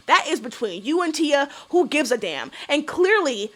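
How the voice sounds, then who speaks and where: Sassy high-voiced woman recapping. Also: big pitch swings, moderate pace, few pauses. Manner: blunt, sassy, swears freely, rhetorical questions. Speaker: reality TV recap vlogger. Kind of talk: casual opinionated recap.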